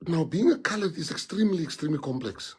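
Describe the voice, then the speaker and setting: Casting: middle-aged South African man, husky voice on the high side, impassioned public speaker. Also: expressive, quick pace. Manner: emphatic, repeats and restarts phrases. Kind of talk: impassioned speech to an audience.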